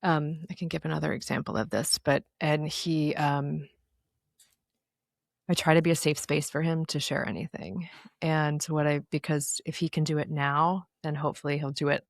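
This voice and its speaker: A woman's voice: low-pitched, fairly even intonation, moderate pace, gravelly, dry recording, clean studio sound. A woman in her thirties, a guest in an interview, telling personal stories in an earnest, reflective way. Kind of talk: candid interview conversation.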